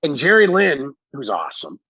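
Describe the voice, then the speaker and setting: A middle-aged man, a podcast guest, telling animated stories with a lot of swearing and acted-out quotes. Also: medium pitch, normal speed, husky, no echo. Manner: animated, profane, acts out quotes. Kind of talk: casual storytelling. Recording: dull lo-fi recording.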